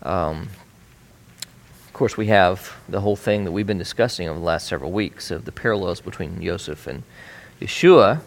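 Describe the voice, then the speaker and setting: A man leads a casual bible study, talking things through conversationally with many fillers and restarts. His voice sits on the low side. He speaks as a regular teacher to his group. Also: expressive, moderate pace, vocal fry.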